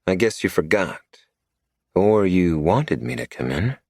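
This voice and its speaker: A woman doing a deep, drawling cruel young man. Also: animated, darkish tone, no room sound, studio quality, full character voice. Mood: gruff. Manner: slow taunting drawl. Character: cruel, mocking young man, prep-school rival.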